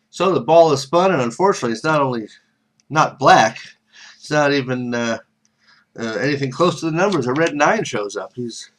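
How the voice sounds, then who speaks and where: A man's voice: medium pitch, a little fast, a little hiss or hum. A man telling a casual spoken story with rambling, self-correcting asides.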